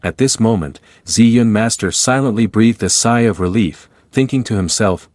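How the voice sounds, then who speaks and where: A man reading a scripted recap of a fantasy comic in a steady storytelling manner. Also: on the low side, normal speed, hardly any pauses, no room sound. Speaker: recap narrator. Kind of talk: scripted narration.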